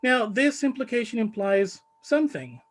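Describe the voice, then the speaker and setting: A man with a Chilean Spanish accent presenting his study in a conference talk, measured and full of fillers. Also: very high voice, sing-song, rough recording. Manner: measured, many fillers, stresses key words.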